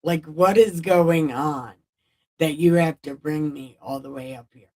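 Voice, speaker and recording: Woman voices Isaac: bewildered and swearing, low and husky. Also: unhurried, warm tone. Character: Isaac, a panicked, swearing boy carried up a mountain.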